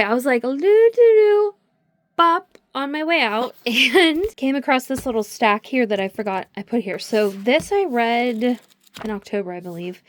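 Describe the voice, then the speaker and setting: A young woman vlogging about books in a casual, bubbly chat as she walks through her home, giggling often and saying "like" a lot. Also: on the high side. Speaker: book vlogger. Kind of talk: casual chat while walking around the house. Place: at home, moving between rooms.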